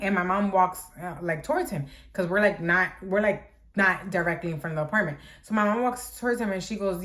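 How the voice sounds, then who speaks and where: A woman's voice: medium pitch, expressive, brisk, fairly bright tone. A young woman vlogger telling a storytime tale in a chatty, dramatic way, full of fillers like "like". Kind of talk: storytime vlog.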